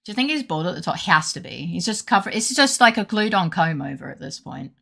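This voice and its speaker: Gravelly, bright-toned woman streamer ranting. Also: lowish voice, animated, fast talker. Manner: rambling, swears freely, rants. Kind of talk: casual gaming stream chat.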